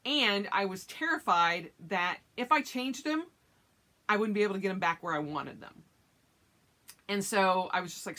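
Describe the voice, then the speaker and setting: A woman vlogger telling a story in casual chat, acting out her own reactions with sudden high yelps. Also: lively intonation, moderate pace, pushed and bright.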